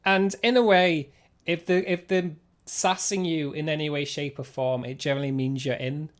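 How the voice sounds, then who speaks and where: A man's voice: fairly high pitch, steady tone, moderate pace. Chatty, giggly man streaming. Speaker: streamer reacting to clips. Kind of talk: casual live-stream chat.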